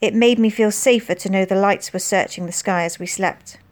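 A woman narrating a children's novel as an audiobook, reading expressively and lifting her voice for the characters' lines. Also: normal speed. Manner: expressive, voicing dialogue with lifted pitch.

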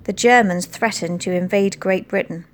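A woman narrating a children's novel as an audiobook, reading expressively and lifting her voice for the characters' lines. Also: normal speed. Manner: expressive, voicing dialogue with lifted pitch.

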